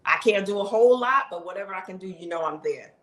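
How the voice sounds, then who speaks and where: Fast and animated, this woman in her fifties speaks in a mid-range, fairly bright voice straight to her viewers. Her vlog delivery is casual, emphatic, sincere and chatty, and the room sound is echoey.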